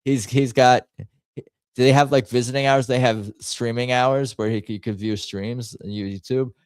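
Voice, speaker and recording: A man hosting a livestream, chatting casually and thinking out loud as he reacts to memes and viewer comments with jokey asides. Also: medium pitch, steady tone, a little slow, smooth, no echo. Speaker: livestream host.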